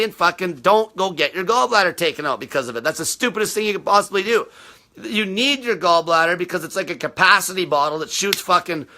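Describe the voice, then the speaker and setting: Brash, swearing man with a sharp voice. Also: high-pitched. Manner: blunt, combative, swears constantly. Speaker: live-stream host answering viewer questions. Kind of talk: unscripted live rant.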